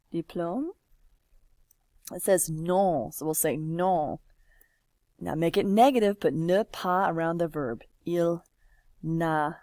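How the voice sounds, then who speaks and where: Slow, patient woman teaching French. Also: fairly low pitch, no room sound, studio quality. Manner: patient, encouraging, slow and drawn-out. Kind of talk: classroom lesson, typing while explaining.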